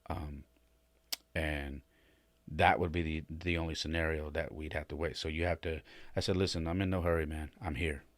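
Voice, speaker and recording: A man with a very low, deep voice tells a personal story on his podcast. He rambles and restarts often, tacking "man" onto his sentences. The sound is close and dry, with no room echo. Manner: rambling, many restarts and "man", rising and louder when emotional. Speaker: podcast host. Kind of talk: casual storytelling monologue.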